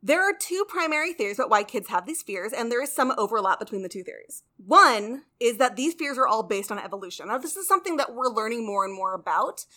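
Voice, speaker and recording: A woman's voice: on the high side, sing-song, quick pace, few pauses, pushed and bright. A woman co-hosting a podcast, explaining research in a casual, chatty way, swearing now and then and laughing easily. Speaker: podcast co-host.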